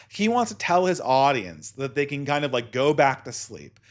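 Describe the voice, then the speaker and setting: A man's voice: medium pitch, big pitch swings, normal speed. Sardonic man hosting a solo podcast. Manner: sardonic, polemical. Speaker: podcast host.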